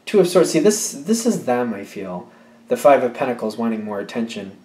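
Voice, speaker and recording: This tarot reader speaks in a mellow mid-range voice, very animated but at a moderate pace. Thinking out loud through a casual reading, he hesitates briefly, corrects himself often, and laughs lightly. His words echo around the room.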